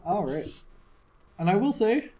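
A man's voice: sits high, sing-song, a little slow, dark tone, rough recording. A man co-hosting a podcast in wry, joking casual chat. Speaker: podcast co-host.

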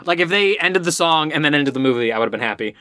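Animated woman recapping a movie. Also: sits low, quick pace, no echo, studio quality. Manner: animated storyteller, acts out quoted lines. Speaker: podcast co-host. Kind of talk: casual movie recap chat.

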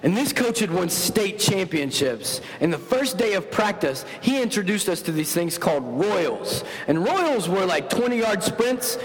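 A man preaching a sermon, telling stories with animated, self-mocking humor. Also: a little slow, hardly any pauses. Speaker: pastor. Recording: long hall reverb with faint rumble.

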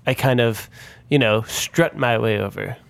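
A man playing a tabletop role-playing game, talking in a playful, jokey, animated way as his character. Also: mid-range voice, unhurried, creaky. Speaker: player.

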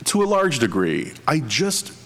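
A man chatting casually as a podcast co-host, animated and laughing often, with rambling restarts. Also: on the high side, measured pace, big-room sound. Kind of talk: casual chat.

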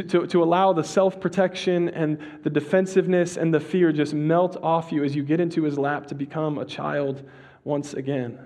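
A male pastor giving a sermon in a relaxed, conversational way, with slang and restarts, dropping to a slow hush on key phrases. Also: a little high.

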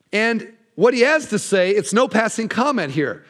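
A man preaching a sermon as pastor, animated, his voice often dropping low at the ends of phrases. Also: normal speed, hardly any pauses. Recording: long hall reverb.

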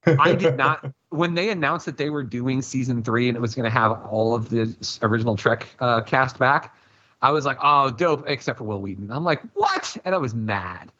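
A man talks casually on a podcast panel, and his voice is husky. The sound is a bit dull and lo-fi. He rambles with animation and plays out his own reactions as he goes. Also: medium pitch, moderate pace, bright, forceful tone.

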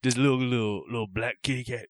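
A man's voice: mid-range voice, fairly even intonation, fast talker, dry recording, studio quality, close to an everyday voice. A man voicing a swaggering male rapper with a pet cat, rambling boastfully and throwing in meows. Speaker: podcast co-host. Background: loud hip hop beat.

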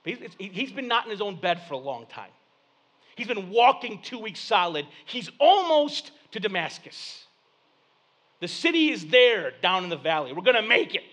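Guy preaching, high lively voice, tells stories and does little voices. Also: moderate pace. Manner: animated storytelling with acted-out voices and jokes. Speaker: pastor. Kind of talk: sermon.

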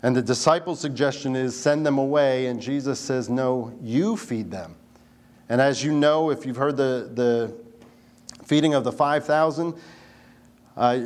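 An earnest male pastor delivering a sermon at a middle pitch. He stresses key words and asks his congregation rhetorical questions as he preaches. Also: a little mellow.

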